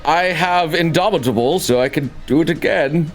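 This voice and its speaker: A man playing a tabletop game in casual chat, excitable and laughing, swearing freely. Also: a little high, moderate pace, music in the background. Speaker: player.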